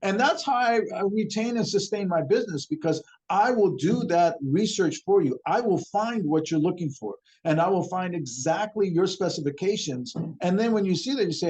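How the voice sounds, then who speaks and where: Earnest higher-voiced man. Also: expressive, normal speed, few pauses, darkish tone. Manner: earnest, repeats words while thinking. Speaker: guest, ingredient supplier. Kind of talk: casual podcast interview.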